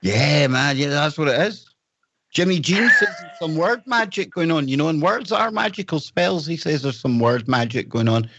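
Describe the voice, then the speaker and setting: A man's voice: on the high side, lively intonation, normal speed, a bit bright, highs cut off. A man from the north of Scotland with a Scottish accent, hosting a podcast in a joking, rambling chat. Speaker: host.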